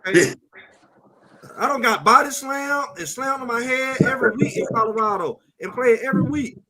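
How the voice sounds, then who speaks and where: A man hosting a casual sports talk show, animated and stammering over repeated words as he acts out little scenes. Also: extremely high pitch, brisk, rough recording. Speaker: show host.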